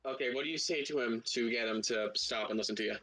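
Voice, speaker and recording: A man's voice: medium pitch, quick pace, pushed and bright, breathy edge, low-quality recording. A man running a tabletop game as game master, narrating loosely and laughing often.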